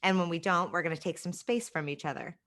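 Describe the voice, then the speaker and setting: A woman's voice: on the low side, quick pace, a bit bright. A woman hosting a podcast interview, talking frankly and emphatically in a casual, conversational way. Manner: emphatic, frank, talks it through with many "right?" asides. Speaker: podcast host.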